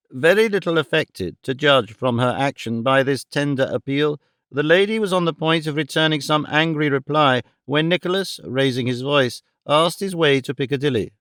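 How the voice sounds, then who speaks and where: Male audiobook narrator, measured classic reading, slightly high voice, crisp and dry. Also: a bit bright, no room sound. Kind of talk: scripted narration.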